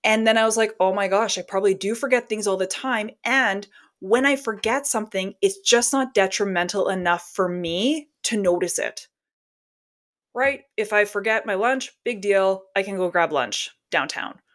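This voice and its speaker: Woman, forties, podcast guest, casual storytelling, medium pitch, laughs often. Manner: animated, quick laughs, acts out dialogue.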